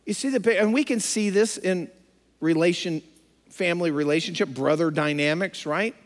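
Male pastor, higher voice, preaches with dramatic character voices in a reverberant hall. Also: normal speed. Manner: dramatic, acts out the characters in the story. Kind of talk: sermon.

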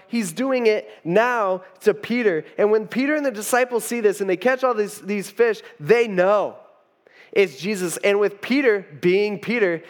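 A young male pastor with a high-pitched voice preaches in an easygoing, chatty style. He tells the story loosely, trailing off and restarting his phrases as he goes. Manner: casual storytelling with fillers and restarts. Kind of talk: conversational sermon.

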